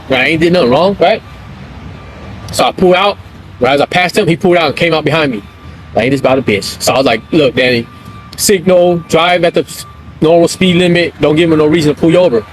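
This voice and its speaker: A man's voice: on the high side, quick pace, a little hiss or hum, low-quality recording. A man streaming live, telling a personal story in casual street slang and often checking in with his listeners. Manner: street slang, keeps checking in with "right?" and "you feel me?".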